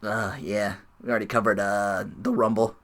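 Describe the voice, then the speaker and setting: A man hosting a casual wrestling chat show, animated and laughing often as he acts out quotes. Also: fairly low pitch, moderate pace. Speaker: podcast host.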